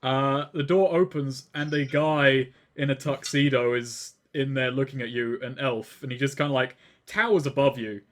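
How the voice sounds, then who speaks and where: A man's voice: medium pitch, steady tone, normal speed, hardly any pauses, a bit bright. A man narrating a tabletop game as game master in a loose, rambling way.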